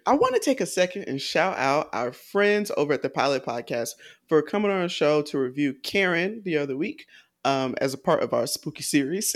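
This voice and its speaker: A woman co-hosting a podcast, retelling a film plot in a laid-back, colloquial way with frequent laughs. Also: sits low. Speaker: podcast co-host. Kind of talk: casual podcast chat.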